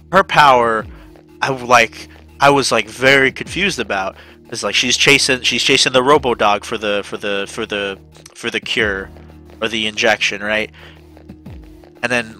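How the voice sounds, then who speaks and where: A man streams a game while chatting casually and excitedly, swearing often and leaping into high-pitched shouts as he acts out his own reactions.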